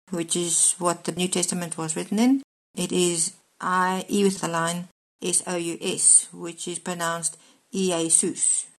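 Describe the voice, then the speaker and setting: A woman preacher delivers a daily devotional Bible teaching. Her voice sits a little low, and she talks in a steady, explanatory way, spelling out words letter by letter when she needs to. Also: rough recording.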